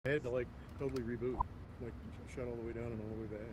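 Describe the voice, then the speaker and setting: A man's voice: medium pitch, steady tone, racing, crowd noise, low-quality recording. A man explaining a headset glitch in casual group chat.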